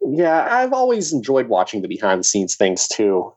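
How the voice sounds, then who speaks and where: A man's voice: medium pitch, huge pitch swings, moderate pace, a little mellow, no echo. An American man hosting a podcast interview, friendly and self-deprecating. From United States. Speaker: podcast host. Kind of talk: casual interview chat.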